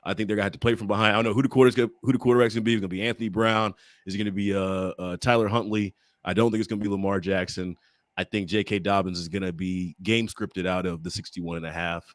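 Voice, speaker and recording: A man hosting a sports podcast in casual chat, playful and teasing and quick to laugh. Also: fairly low pitch, steady tone, no echo. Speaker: podcast host.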